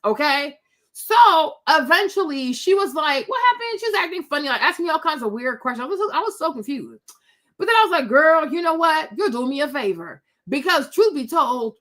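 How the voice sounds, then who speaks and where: Sassy woman vlogger chatting to the camera, high bright voice, keeps laughing. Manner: animated, sassy, laughs often, acts out quotes. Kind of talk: casual storytime chat to viewers.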